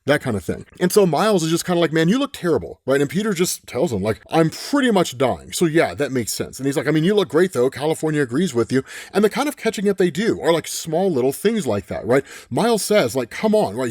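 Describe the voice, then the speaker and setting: A man casually recapping a comic story, animated, quoting the characters as he goes and tagging lines with a quick "right?". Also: a little high, no room sound, studio quality. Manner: animated retelling, acts out lines in quick quotes, frequent "right?". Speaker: comic book explainer.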